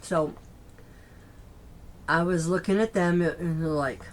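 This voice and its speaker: A woman's voice: on the low side, moderate pace, slight background noise. A woman from Chicago telling a personal story in a casual, rambling way, with chatty asides like "okay?" and frequent restarts. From Chicago, USA.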